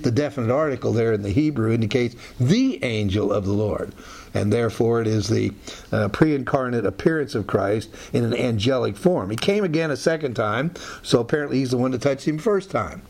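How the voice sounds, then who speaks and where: A man's voice: mid-range voice, fairly quick, gravelly, a little mellow. A man teaching through a Bible passage in a conversational way, with many fillers and side remarks.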